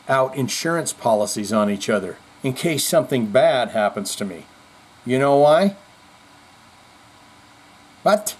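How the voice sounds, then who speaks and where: A man's voice: mid-range voice, husky. A male show host telling jokes and rambling through a casual, profane comedy monologue. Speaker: podcast host.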